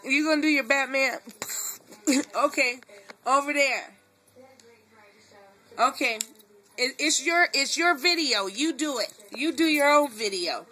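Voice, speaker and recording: A woman's voice: high voice, measured pace, long pauses, bright, forceful tone. A woman filming at home, mock-scolding and teasing her little dog with frequent laughter. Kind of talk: casual home video talking to a dog.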